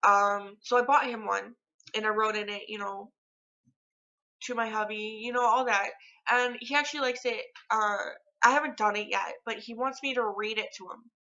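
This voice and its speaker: A young woman talks to her phone camera at home in a bright, sharp voice, wandering from thought to thought with plenty of fillers. The sound is dull and lo-fi, like cheap phone audio. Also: a little high, fairly even intonation, moderate pace. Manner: rambling, chatty, lots of filler words. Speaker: vlogger. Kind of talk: casual chat to camera.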